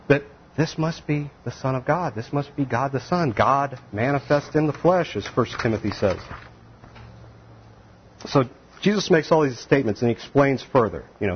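A man teaching the Bible verse by verse, animated and acting out the voices of the people in the story. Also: mid-range voice, slightly rough, dull audio. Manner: animated, acts out voices of biblical figures.

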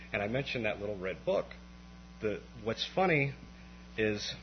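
A man preaching a conversational sermon at an evening church meeting, swinging from quiet explanation to impassioned, rising outbursts. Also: on the low side. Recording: dull lo-fi recording with faint mains hum.

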